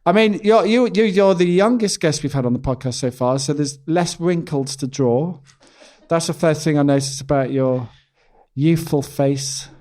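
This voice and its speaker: A man's voice: fairly high pitch, normal speed, darkish tone. A man hosting a casual podcast chat while painting, teasing his guest with dry humour. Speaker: podcast host and portrait painter. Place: venue in a bar.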